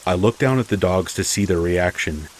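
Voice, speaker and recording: A man narrating a first-person true horror story in a steady, measured way. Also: low-pitched, slight background noise, low-quality recording. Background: rain.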